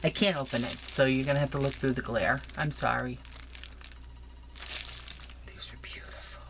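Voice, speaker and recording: A woman chatting excitedly through a crafting unboxing, gushing and laughing often in her home craft room. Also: rumbling low, quick pace. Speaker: crafting vlogger. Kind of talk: casual unboxing chat. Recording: noisy home recording.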